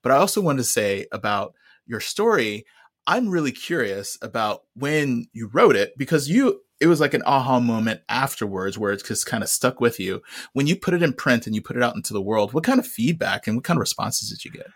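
A man co-hosting a podcast, speaking earnestly with frequent halting restarts. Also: mid-range voice, sing-song, dry recording, studio quality. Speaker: podcast co-host. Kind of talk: casual conversation.

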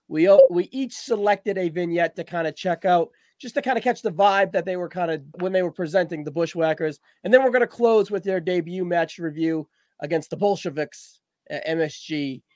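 A man co-hosting a podcast, with a fairly high voice and a dry, close sound. He talks briskly and keeps the segment moving. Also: a little mellow, no echo. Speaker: podcast co-host. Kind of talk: casual chat.

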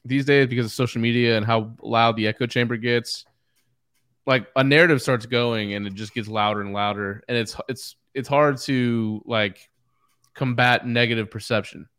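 A man co-hosting a casual sports podcast, talking in a measured way and moving the show along to the next topic. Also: medium pitch, steady tone, a bit bright, clear, resonant tone. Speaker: podcast co-host.

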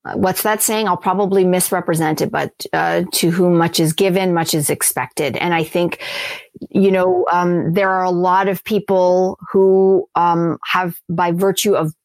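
A woman answering interview questions in a chatty, animated way, with lots of fillers and restarts. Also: lowish voice, measured pace, no echo. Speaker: TV host being interviewed.

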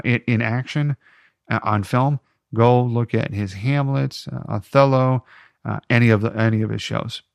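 Gravelly-voiced man giving podcast advice. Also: on the low side, no room sound, studio quality. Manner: chatty, encouraging, jokey asides. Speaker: podcast host. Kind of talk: casual podcast advice talk.

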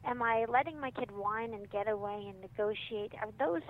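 A woman's voice: fairly high pitch, moderate pace. A woman, a parenting author, chatting casually in an interview and acting out what parents and kids say. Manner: animated, acts out quoted parents and kids. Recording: phone-line audio with faint noise.

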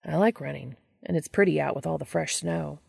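A woman's voice: deep voice, fairly quick, gravelly, a little mellow, slightly rough, no room sound, studio quality, exaggerated voice. A woman reading the part of an easygoing, good-natured young man. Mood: friendly.

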